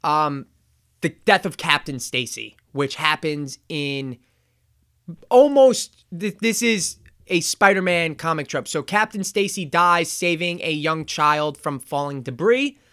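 A man's voice: on the high side, slow, sharp tone, clean tone. A man hosting a podcast, recapping a movie in casual chat, rambling with chuckles and acting out quotes. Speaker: podcast host.

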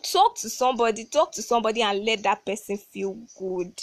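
A woman's voice: a little high, lively intonation, a little fast, no room sound. A young woman hosting a solo advice podcast, talking emphatically and repeating words for stress. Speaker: podcast host.

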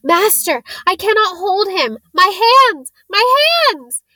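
A woman voicing a nervous male servant of a dark lord, speaking in a high, strained voice that breaks into shouts. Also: big pitch swings, normal speed, distant mic, heavily acted. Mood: agonized.

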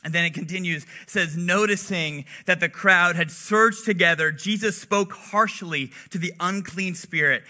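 A man's voice: high voice, moderate pace, few pauses, sharp tone. A young man preaching in a casual, conversational way, telling relatable stories and reading scripture, with lots of "like" in his speech. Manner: chatty, relatable, heavy use of "like".

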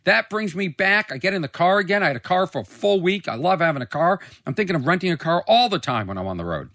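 Comedian dude rambling on his podcast, bright edgy voice, swears a lot, dead dry studio. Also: high-pitched, sing-song, fast talker, dry recording. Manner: loose, swears freely, self-mocking. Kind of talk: casual rambling monologue. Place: recording studio.

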